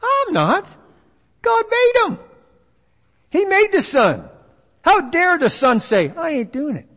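A man's voice: extremely high pitch, huge pitch swings, slow, a bit bright. A man preaching a folksy sermon, acting out the voices of others. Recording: long reverb of a large hall.

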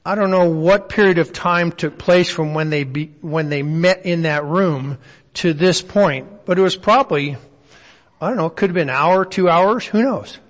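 A man's voice: fairly high pitch, moderate pace, big-room sound. A man teaching a Bible study in a conversational way, often asking his listeners questions.

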